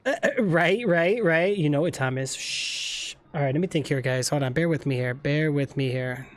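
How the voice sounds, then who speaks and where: A live streamer chatting through a game roleplay session at a middling pitch. They ramble, trail off and fill gaps with ums while thinking aloud to their viewers. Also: brisk. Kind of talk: casual game roleplay chat.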